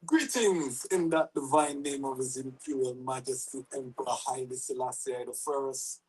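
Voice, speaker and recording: Solemn man with a husky voice. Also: mid-range voice, moderate pace, darkish tone, poor audio. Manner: solemn, ceremonial. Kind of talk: formal spoken greeting.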